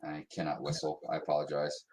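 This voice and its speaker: An extremely low-pitched man from the US talks a little fast while co-hosting a livestream. He chats casually and rambles in a relaxed way, with lots of ums.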